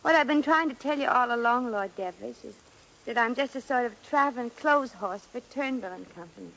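Brassy american shop girl, slangy and wry, a bit high, old radio sound. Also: animated, brisk, a bit bright, poor audio. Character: wisecracking American shop girl posing as a lady. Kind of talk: 1940s radio acting.

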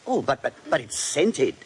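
An actor playing a timid, fussy hotel clerk who stammers nervously, in 1940s radio acting. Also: male voice, medium pitch, a bit bright, breathy edge, heavily acted.

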